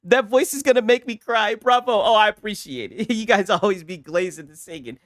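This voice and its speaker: A man's voice: high voice, fairly quick, dry recording. A man hosting a casual reaction stream, talking in a crude, mocking and profane way. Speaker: streamer host.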